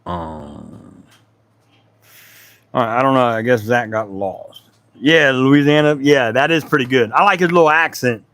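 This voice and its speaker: A middle-aged man hosts a woodworking livestream from his home workshop, chatting loosely with his viewers. His voice moves around a lot in pitch, bouncing up and down as he rambles. The sound is close and dry, with no room echo. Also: expressive, a little slow, long pauses, a bit bright. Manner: laid-back, rambling, talks to chat by name. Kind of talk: casual livestream chat with viewers.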